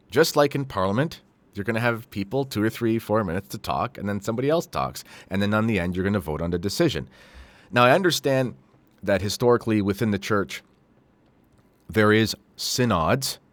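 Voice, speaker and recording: A man's voice: fairly low pitch, no echo. A man hosting a commentary show, reading quotes aloud and adding critical, sarcastic remarks with frequent fillers. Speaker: host.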